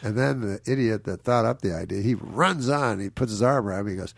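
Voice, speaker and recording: Male comic as a guest storyteller: low, raspy tone, dry close sound, loose and self-mocking delivery. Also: fairly quick, dry recording. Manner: rambling, chuckles often, acts out the people he quotes. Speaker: comedian guest. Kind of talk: anecdotal storytelling.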